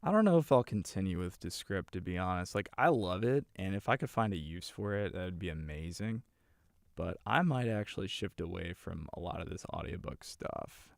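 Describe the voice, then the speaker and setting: A man's voice: sits low, lively intonation, normal speed, vocal fry, no room sound. A man hosting a livestream, chatting casually and rambling with many fillers while he edits audio on a close desk mic. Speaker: livestream host editing audiobooks. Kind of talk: casual chat while editing.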